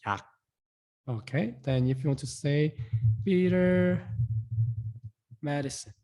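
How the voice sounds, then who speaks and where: Husky, mellow-voiced young male teacher. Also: on the high side. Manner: repeats words slowly, keeps asking "guys". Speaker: language teacher. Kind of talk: casual online lesson.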